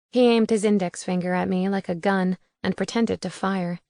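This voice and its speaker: A woman's voice: medium pitch, steady tone, normal speed, hardly any pauses, warm tone, no echo. A woman narrating a first-person audiobook in a wry, conversational way on a close studio mic.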